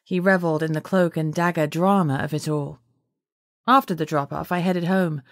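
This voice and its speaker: A woman narrating an audiobook in first person with steady, measured storytelling. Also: sits low, dry recording, clean studio sound.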